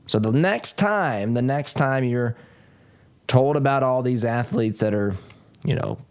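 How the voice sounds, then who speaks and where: A man's voice: mid-range voice, animated, unhurried, smooth. A man hosting a political talk show, speaking emphatically and often repeating phrases, with folksy asides to his listeners. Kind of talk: political commentary monologue.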